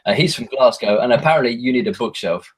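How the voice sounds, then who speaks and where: A man's voice: mid-range voice, quick pace, breathy edge. An English man, a horror author, chatting casually as a podcast guest, hesitant with many ums and self-mocking asides. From England.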